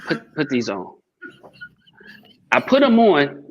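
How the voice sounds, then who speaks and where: A man telling a lively story on a panel about fathers, acting out quoted lines and swearing casually. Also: fairly high pitch, slow, long pauses, slight background noise. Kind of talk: animated storytelling. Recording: dull lo-fi sound.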